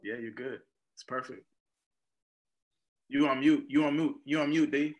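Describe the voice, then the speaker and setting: A man chats on a video call in a relaxed, quiet way, laughing often. His voice has an ordinary middle pitch for a man. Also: moderate pace, dull audio. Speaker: guest. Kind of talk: casual video call chat.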